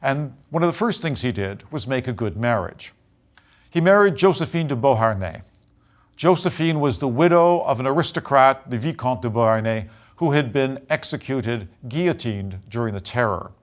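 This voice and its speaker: A man giving a history lecture in a measured way, pausing with frequent fillers as he talks. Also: mid-range voice, lively intonation.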